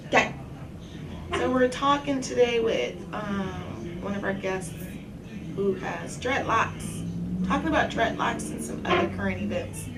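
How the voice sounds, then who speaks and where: A woman hosting a casual cafe talk show, chatty and hospitable. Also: medium pitch. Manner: chatty, hospitable, laughs easily. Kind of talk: casual chat. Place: small cafe. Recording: echoey cafe room, distant mic, background noise.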